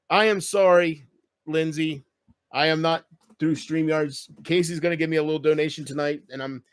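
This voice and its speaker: A man's voice: fairly high pitch, dry recording, studio quality. A man chatting casually on his own livestream at home, rambling and self-deprecating as he talks straight to his viewers. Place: home room. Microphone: computer mic with headphones.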